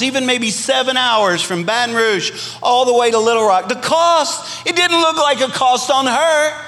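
High-pitched Cajun pastor preaching in a hall. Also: male voice, moderate pace, bright, forceful tone. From Louisiana. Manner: preaching with rising emphasis, asks for amens. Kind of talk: sermon. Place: church sanctuary. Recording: long hall reverb.

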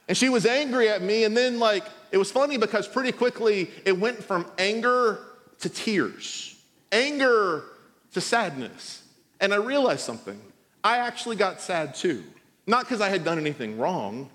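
A man with a high-pitched voice preaches to his congregation. His talk is loose and conversational, and he slips easily into funny stories. The sound carries the long reverb of a church hall. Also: lively intonation, moderate pace, fairly bright tone. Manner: conversational, storytelling with humor. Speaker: pastor. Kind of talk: sermon.

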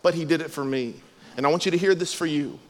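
A man preaching a sermon as pastor, earnest and emphatic, often dropping to a soft, low voice. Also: fast talker. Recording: long hall reverb.

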